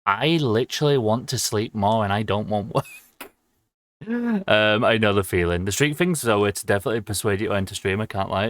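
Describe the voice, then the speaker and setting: A young man talks to his stream chat in a low, relaxed voice, rambling with plenty of ums and quick laughs. The sound is dry and close, with no room echo around him. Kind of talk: casual livestream chat with viewers.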